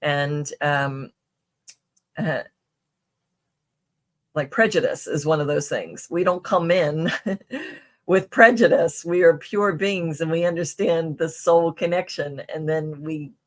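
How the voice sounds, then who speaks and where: A woman's voice: low voice, takes it slowly, long pauses. A middle-aged woman, a podcast guest, telling personal stories in a chatty way with many fillers, restarts and a tag "right?". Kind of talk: casual interview storytelling.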